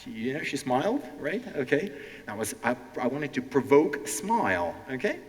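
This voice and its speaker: A man's voice: mid-range voice, moderate pace. A man teaching English in an interactive stand-up lesson on stage, often checking in with "okay?" and acting out quotes. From Ukraine. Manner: animated, keeps asking "okay?", acts out quotes. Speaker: language teacher hosting a stage show. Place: stage in a hall before a live audience. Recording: reverberant hall with faint music.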